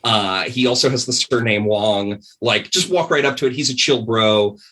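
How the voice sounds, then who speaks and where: A man's voice: medium pitch, moderate pace, sharp tone. A man voicing a laid-back male frontier guard captain who talks in casual, friendly slang. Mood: easygoing.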